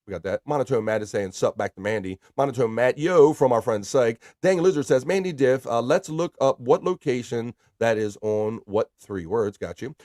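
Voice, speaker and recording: Guy running a chill livestream, reads the chat out loud, cusses a lot, mid pitch, super dry sound. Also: normal speed, hardly any pauses, no echo. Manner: loose and profane, shouting out chatters by name. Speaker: livestream host. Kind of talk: casual livestream chat, reading viewer comments aloud.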